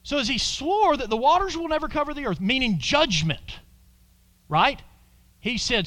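A man preaching a sermon, swinging from loud exclamations to hushed whispers and calling on the congregation to repeat lines after him. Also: very high-pitched, lively intonation, moderate pace. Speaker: pastor.

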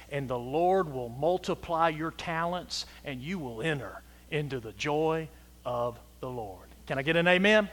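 A man preaching a sermon as pastor, emphatic and swinging from loud to hushed. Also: on the high side. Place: church sanctuary. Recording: hall reverb.

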